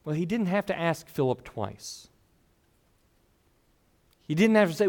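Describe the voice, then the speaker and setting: A man preaching a sermon in a fairly high voice. He reads scripture aloud and acts out the people in the story, with plenty of expression. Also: expressive, moderate pace, pauses often, a little mellow.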